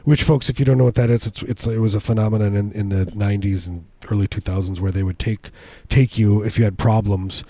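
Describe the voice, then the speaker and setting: A man with a low, mellow voice riffs through absurd stories in a casual comedic chat. He restarts his sentences often and breaks into squeaky voices when quoting people. The sound is close and dry. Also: fairly even intonation, fast talker, hardly any pauses, no room sound. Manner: rambling, absurd storytelling with many restarts; jumps into high squeaky voices for quoted people.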